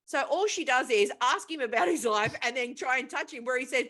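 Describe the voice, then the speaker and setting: A woman's voice: high-pitched, expressive, brisk, hardly any pauses, a bit bright. A woman co-hosting a casual podcast, retelling a film plot in a profane, rambling way. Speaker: podcast co-host.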